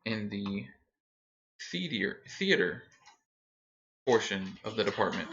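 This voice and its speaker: A man's voice: fairly low pitch, big pitch swings, takes it slowly, gravelly, fairly bright tone, a little hiss or hum. A man running a tabletop game as game master, narrating in an easygoing, hesitant way with plenty of fillers. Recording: muffled lo-fi stream audio.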